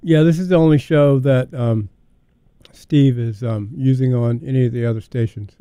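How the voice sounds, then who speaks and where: A man hosting a small radio show, talking casually and hesitantly with many pauses. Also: mid-range voice, steady tone, dark tone, smooth, no room sound. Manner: hesitant, lots of ums. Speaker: radio host.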